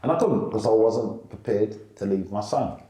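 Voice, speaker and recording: A middle-aged male stand-up comedian, telling animated stories in a casual interview. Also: moderate pace, reverberant. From England. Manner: animated, lively storyteller who jumps up in pitch for quotes.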